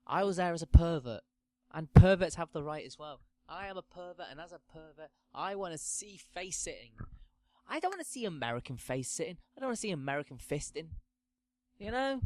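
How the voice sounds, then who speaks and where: A man ranting through a sweary comedic monologue, swinging between loud outbursts and low muttering. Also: sing-song, brisk, no echo. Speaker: podcast host.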